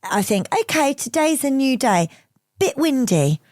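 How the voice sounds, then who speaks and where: A woman hosting a podcast, telling a story in a lively way, laughing and acting out quoted voices. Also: high voice, unhurried, dry recording, clean studio sound. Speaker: podcast co-host. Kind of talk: casual storytelling chat.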